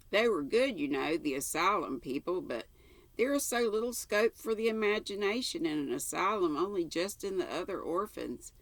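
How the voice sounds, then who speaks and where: A woman's voice: on the low side, animated, moderate pace, no echo, voice pushed up. An older woman reading aloud and voicing a chatty, imaginative orphan girl in a breathless, eager, rambling way. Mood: eager chatter.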